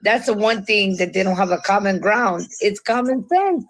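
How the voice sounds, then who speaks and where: A woman who talks loudly and laughs a lot, sassy and defiant. Her voice sits at a middle pitch for a woman. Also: animated, moderate pace, rough recording. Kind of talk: casual chat.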